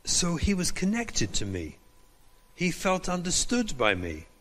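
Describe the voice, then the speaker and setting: Lively rabbi lecturing in a reverberant hall. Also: male voice, sits high, unhurried. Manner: animated, acts out dialogue from his stories. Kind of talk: lecture with storytelling.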